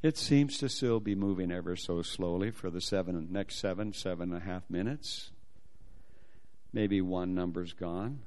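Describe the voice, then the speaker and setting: A man telling a personal testimony as a sermon, animated and acting out the voices of the people in his story. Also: deep voice, moderate pace.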